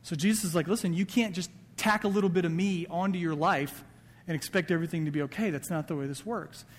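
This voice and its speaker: A man's voice: high-pitched, fast talker, in a large hall. A male pastor preaching a sermon in a casual, conversational way, acting out quoted lines. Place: church sanctuary.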